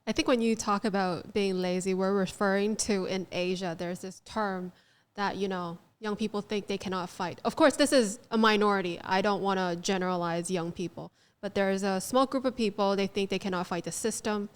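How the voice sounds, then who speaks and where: A woman's voice: mid-range voice, steady tone, a little fast, smooth. A woman host whose first language is Chinese, leading a casual interview and putting her questions plainly.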